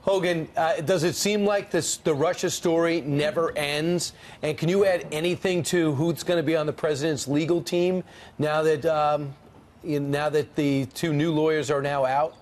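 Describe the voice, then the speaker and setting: Brisk man hosting a TV news show. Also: on the high side, fairly even intonation, a little mellow. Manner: brisk questioning, corrects himself mid-sentence. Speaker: TV news host. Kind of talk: live TV news interview.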